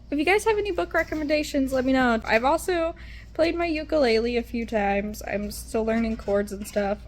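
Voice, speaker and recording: Young woman vlogger, slightly high voice, tired and rambling, casual chat. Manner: rambling, trailing off with fillers. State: low and tired.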